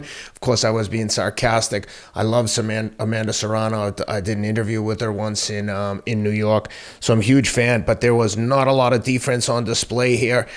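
A man co-hosting a boxing podcast, recapping fights in a relaxed, casual way and laughing easily. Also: fairly low pitch, moderate pace, hardly any pauses. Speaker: podcast co-host. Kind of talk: casual sports talk.

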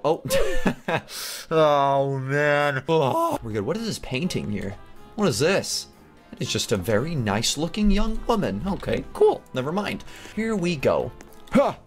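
A young man giving excitable, chatty Let's Play commentary with frequent gasps and mock-posh asides. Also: fairly high pitch. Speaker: gaming YouTuber. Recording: faint background music.

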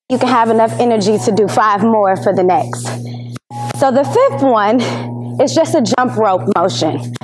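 A high-voiced woman teaches an exercise lesson, speaking slowly and counting down each set. She keeps encouraging the listener and sounds slightly out of breath as she exercises along. Faint music plays behind her. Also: rough recording.

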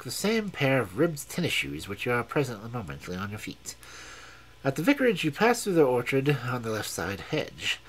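A man reading aloud and voicing a cold, commanding male detective in a measured, stern, precise way with a husky tone. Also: medium pitch, low-quality recording.

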